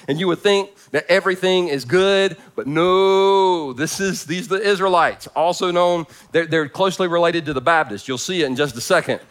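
A man preaching a sermon to his church congregation, conversational and joking, swinging from loud emphasis down to hushed, quiet lines. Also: fairly high pitch. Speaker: pastor.

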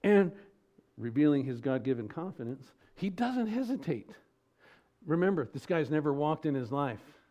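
Guy pastor preaching, kinda high voice but warm and mellow, lots of rhetorical questions, pitch going up and down. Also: big pitch swings, normal speed. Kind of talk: expository sermon.

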